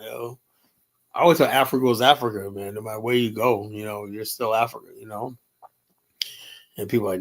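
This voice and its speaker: A man's voice: mid-range voice, brisk. A man hosting a livestream and talking casually in a rambling, profane way, with many fillers. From United States. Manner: profane, rambling, full of "you know" and "man". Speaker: livestream host.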